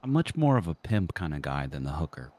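A man's voice: extremely low pitch, sing-song, fairly quick, darkish tone, no room sound. A man in improvised game role-play, talking in a laid-back, teasing way.

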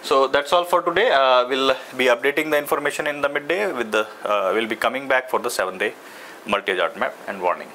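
A man with an Indian English accent presenting an official weather briefing, speaking haltingly with frequent "uh" fillers and restarts. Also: medium pitch, sharp tone, poor audio.

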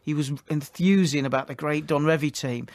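A man's voice: a little high, a little fast, no echo. A man on a sports radio show, chatty and full of anecdotes. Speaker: radio pundit. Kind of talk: casual radio banter.

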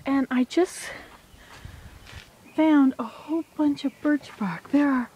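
Woman vlogger, rambling casual chat, mellow tone, outdoor camera sound. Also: a little high, slight background noise, poor audio. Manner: rambling, chatty, thinking aloud. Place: outdoors by a marsh.

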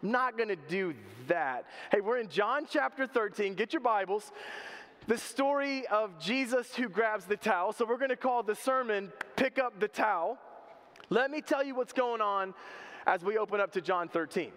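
A man's voice: sits high, normal speed, a bit bright. A man preaching a sermon, telling stories with humor and animation. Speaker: pastor. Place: church sanctuary. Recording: reverberant church hall.

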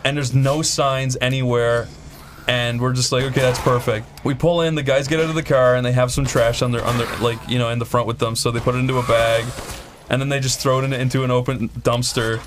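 A man hosts a gaming show and tells a long, rambling story at a mid pitch. He fills his talk with "like" and keeps restarting his sentences as he plays. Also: fairly even intonation, a little fast, background noise. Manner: rambling anecdote with many fillers and restarts. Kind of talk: casual storytelling over gameplay.

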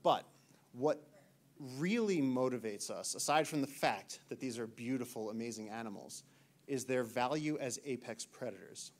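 A man in his thirties from the United States, a naturalist giving an animated storytelling talk to an audience in a lecture hall. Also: medium pitch, normal speed. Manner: animated, acts out shouted quotes.

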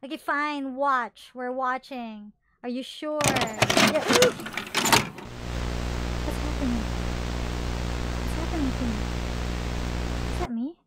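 A woman's voice: high-pitched, expressive, slow, long pauses, over loud music. A woman streaming a horror game, jumpy and swearing, shrieking and whimpering as she plays. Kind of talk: live horror gameplay commentary.

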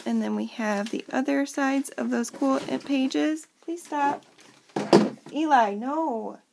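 A woman in her thirties talks through a handmade journal at home, chatty and full of little fillers. Her voice sits a touch high with a gravelly fry running through it. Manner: chatty, lots of fillers, talks to kids off camera. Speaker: crafter showing a handmade journal. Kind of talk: casual show-and-tell.

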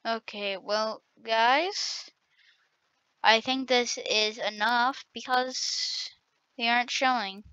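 A woman giving excitable, trash-talking commentary while playing a game on her channel. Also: a little high, slow pace, clean tone, no room sound. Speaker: gaming channel host. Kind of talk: gameplay commentary. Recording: dull lo-fi recording.

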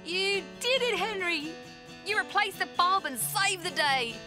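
Sweet encouraging cartoon lighthouse, really high and slow, kids music under it. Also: female voice, animated. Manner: gentle and encouraging. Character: kind, encouraging lighthouse, female. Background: children's music.

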